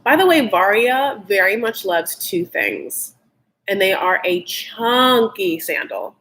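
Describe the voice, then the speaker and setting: A woman's voice: mid-range voice, sing-song, takes it slowly, a bit bright. A woman hosting a live show recap, chatty and gossipy with plenty of filler words and sarcastic asides. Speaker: host.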